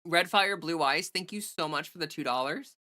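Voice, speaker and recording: A woman's voice: low voice, normal speed, sharp tone. A woman livestreamer in casual, rambling chat who thinks aloud and thanks viewers for donations.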